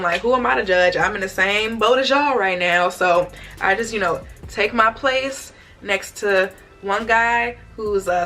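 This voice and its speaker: Chatty young woman telling a storytime. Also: mid-range voice. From United States. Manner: chatty, expressive retelling with acted-out quotes. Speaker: vlogger. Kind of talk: storytime vlog.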